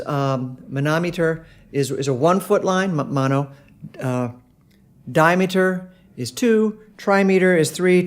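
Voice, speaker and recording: A man with a slightly high voice teaches a songwriting lesson in a casual, unscripted way. He pauses often on fillers and sounds out rhythms in short syllables as he explains. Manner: halting delivery with many fillers, tapping out rhythms by voice.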